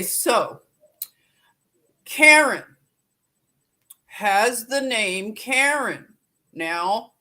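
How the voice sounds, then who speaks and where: A woman's voice: medium pitch, pushed and bright. A woman hosting a live stream, chatting casually and greeting viewers by name with easy laughs.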